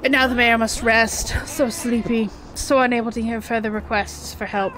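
A woman voicing a lazy, self-important male cat mayor with a low, grand, sleepy manner, reading game dialogue. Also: steady tone, normal speed, crowd noise, close to an everyday voice. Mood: grandly lazy.

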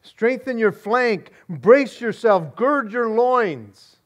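A man voicing an ancient army officer who shouts commands to his soldiers. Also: extremely high pitch, expressive, slow pace, lo-fi sound, pitched above the performer's own voice, heavily acted. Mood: commanding.

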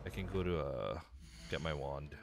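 A man's voice: extremely low pitch, normal speed, vocal fry, noisy background. A man doing let's-play commentary, rambling and self-deprecating as he chats to himself while playing. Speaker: gamer.

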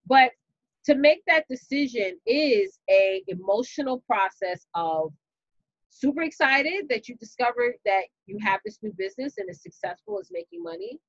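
A woman with a New York accent, hosting a casual live stream and telling a story to her viewers in a lively, chatty way, calling them y'all. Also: fairly high pitch, moderate pace, no echo, highs cut off. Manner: animated, chatty, talks straight to viewers with y'all and you know. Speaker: business coach and live-stream host.

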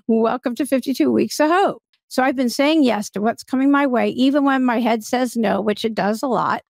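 A middle-aged woman talks through her own podcast in a warm-hearted, rambling way, restarting sentences as she goes. Her voice sits a little high with a gravelly fry at the edges. The sound is dry and close, with no room around it. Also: no echo. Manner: chatty, upbeat, rambling storyteller with many restarts. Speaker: podcast host. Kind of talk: casual solo podcast monologue.

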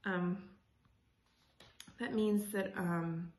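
A woman's voice: medium pitch, steady tone, very slow, darkish tone. A woman teacher reading a children's chapter book aloud, stopping to explain in a casual way with many fillers. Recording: echoey room.

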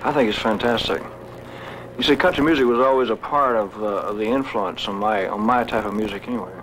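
A man, a singer, answering interview questions in a relaxed, folksy way. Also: lowish voice, brisk, slight background noise, low-quality recording. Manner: relaxed, folksy, with fillers and laughs.

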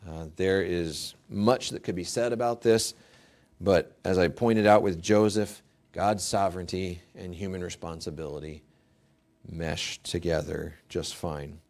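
A male pastor preaching a sermon, emphatic and rising to forceful peaks, acting out quoted prayers with mock pleading. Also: sits low, steady tone, unhurried.

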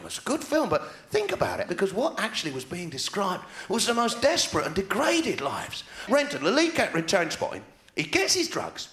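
On a large theater stage, a comedian with a southern English accent performs live stand-up, ranting sardonically and talking fast. His voice sits high with a sharp tone, and the hall sounds echoey.

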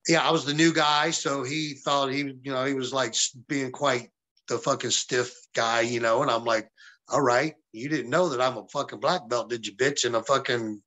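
A man from the American South tells wrestling stories in a loose, profane way, jumping into the voices of people he quotes. His voice sounds bright and forward. The pitch sits in a middle range. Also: normal speed. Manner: profane, animated storyteller acting out quotes. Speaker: wrestling guest. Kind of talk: casual storytelling interview.

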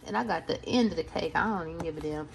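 A woman's voice: low-pitched, fast talker, gravelly, slightly rough. A woman, chatting casually to her vlog viewers in a sassy, playful way with salty slang. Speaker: vlogger. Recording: noisy home recording.

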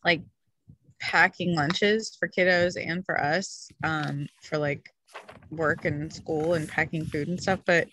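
A woman's voice: deep voice, fairly even intonation, slow, bright, forceful tone, a little hiss or hum, rough recording. Chatty woman coaching on a video call. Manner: chatty, rambling, lots of fillers. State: yawning, short of breath. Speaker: food coach leading a group call. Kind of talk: casual group video call.

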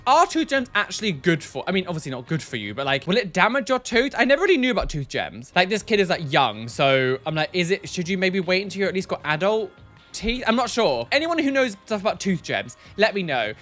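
A man reacting to viewer photos with a camp, sassy flair. His pitch swings widely, and his tone is bright and sharp. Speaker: body piercer and show host. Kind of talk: casual reaction commentary.

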